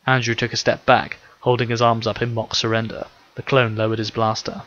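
A man narrating an audiobook in a steady, measured reading. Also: mid-range voice, lo-fi sound. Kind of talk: scripted narration.

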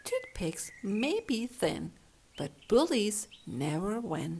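A woman's voice: medium pitch, sing-song, slow, heavily acted. A woman reading aloud, voicing a young schoolgirl in a raised, childlike, earnest voice. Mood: determined. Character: young schoolgirl, teased and tearful, then brave.

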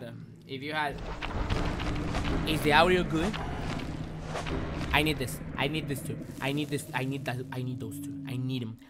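A man streaming a horror game live, excitable and swearing, swinging between loud outbursts and low muttering, a native Spanish speaker. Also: heavy background noise. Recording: music playing loudly behind.

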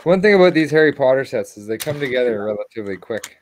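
A man's voice: mid-range voice, expressive, quick pace, a little hiss or hum. A man co-hosting a livestream, chatting easily and reading viewer comments as he builds. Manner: easygoing, reads viewer comments aloud. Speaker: livestream co-host. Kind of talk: casual chat during a toy build.

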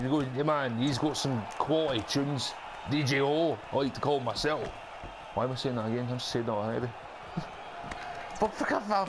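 A young Scottish man hosting his gaming channel, giving brash, sweary trash-talk commentary over gameplay with bursts of shouting. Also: fairly high pitch. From Scotland. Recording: noisy background ambience.

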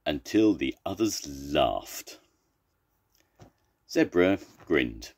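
An older man reading a picture book aloud to children. His voice sits very low and takes its time, yet swings through a wide, lively melody. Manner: animated, expressive, unhurried. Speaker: storyteller.

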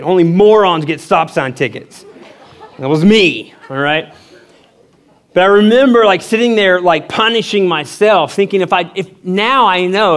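The speaker is a middle-aged pastor preaching and narrating an experience of his own. Lively in delivery, he acts out the different voices with wide pitch jumps.

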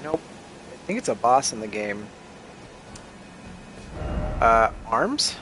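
A man's voice: mid-range voice, slow, slight background noise. Chatty young streamer guy. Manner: chatty, excitable, talks to viewers as y'all. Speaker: streamer playing a game. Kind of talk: casual gameplay commentary.

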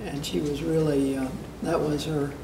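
An older woman reminiscing casually as an interview guest, telling stories in an unhurried way with many fillers and soft laughs. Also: sits low, flat delivery. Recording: roomy, distant, noisy archival interview.

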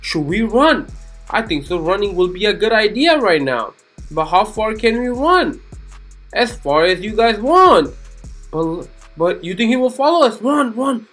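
A woman with a slightly husky, breathy voice narrates a kids' cartoon. She talks to young viewers in a chatty, gushing way, full of exclamations and questions. Faint music plays behind her. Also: medium pitch, very animated, unhurried, a bit bright. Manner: gushing, exclamatory, keeps asking the kids questions. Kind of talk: chatty commentary for children.

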